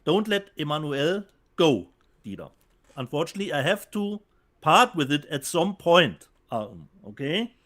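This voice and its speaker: A man's voice: fairly high pitch, sing-song, measured pace, a bit bright. A man with a German accent co-hosting a casual show, reading viewer comments aloud and often repeating words as he searches for them. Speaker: co-host. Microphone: remote call from home.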